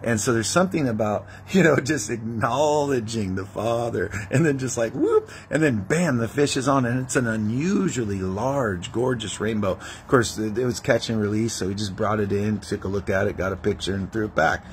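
A man's voice: medium pitch, moderate pace, hardly any pauses, slight background noise. A man preaching a testimony-style sermon as an evangelist, telling stories animatedly and acting out prayers and dialogue.

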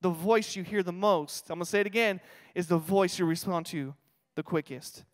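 Brief: high-pitched young male pastor, playful storyteller, long reverb of a church hall. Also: normal speed. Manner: energetic, humorous, repeats key phrases. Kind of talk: sermon with storytelling. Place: church sanctuary.

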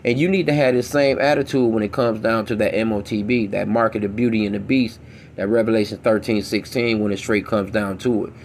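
Gravelly-voiced man preaching bluntly. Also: on the low side, steady tone, darkish tone, slight background noise. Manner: blunt, profane, emphatic street talk; slow, deliberate reading of old scripture. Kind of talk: reading scripture aloud and commenting.

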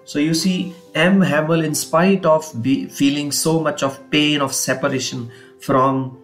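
An English teacher with a fairly high, fairly even voice explains a textbook chapter, reading passages and then going over them. He speaks slowly, repeats and rephrases, uses fillers, and often says "you see" and "kindly note down." Faint guitar music plays behind him.

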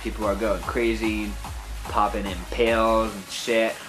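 A man's voice: lowish voice, flat delivery, measured pace. A young man rambling to his webcam in a casual home vlog, hesitant and full of fillers and restarts. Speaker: vlogger. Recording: music playing behind.

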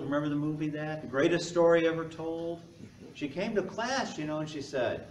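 A male pastor delivers a conversational sermon, tossing in jokes and quick questions to the congregation. His voice sits a little high for a man. It rings around a large church from some distance off the mic. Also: slight background noise. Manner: conversational, joking asides to the congregation. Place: church sanctuary. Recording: echoey church heard from afar.

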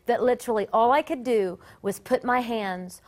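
A woman worship leader sharing a personal testimony story in an earnest, animated way that often breaks off and restarts. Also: fairly high pitch, normal speed. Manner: earnest and animated, with many self-interruptions.

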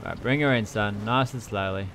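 A man's voice: lowish voice, normal speed, background noise. A young man casually commentating his trucking game, chatty and swearing often as he talks to himself. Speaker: let's play gamer.

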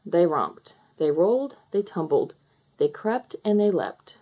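A woman reading a children's picture book aloud with gentle, expressive storytelling. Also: fairly low pitch, measured pace, background noise. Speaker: storybook reader.

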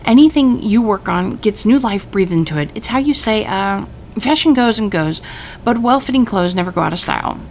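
A woman reading aloud as a weary, apologetic woman who runs a tailor shop, in a brisk, dramatic way. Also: medium pitch, expressive, a little mellow, a little hiss or hum, voice pushed up, lightly acted. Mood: warm.

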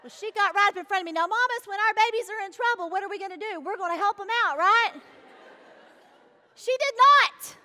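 High, bright Southern woman storyteller. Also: fast, few pauses, a faint crowd. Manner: animated, folksy, playful. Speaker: host and speaker. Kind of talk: humorous storytelling to a live audience.

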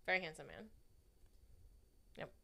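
A woman's voice: deep voice, sing-song, measured pace, gravelly, a crowd in the background. A woman guest on a podcast, chatting casually and teasing her co-hosts. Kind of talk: casual chat.

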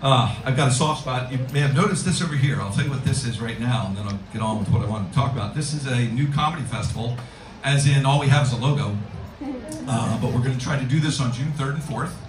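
Rambling middle-aged stand-up comic. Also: male voice, mid-range voice, fast, noisy background. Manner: rambling, self-deprecating, full of ums and restarts. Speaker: stand-up comedian. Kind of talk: live stand-up set. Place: restaurant comedy room with a live audience. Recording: roomy room from far off, music behind.

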